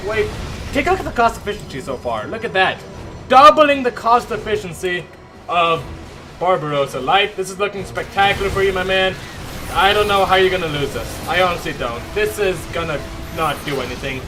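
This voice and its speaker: A young man casting a strategy game live from his home attic, excitable, laughing often and chatting with his viewers. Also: high-pitched, a little fast, over music. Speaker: esports caster. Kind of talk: live game commentary with chat banter.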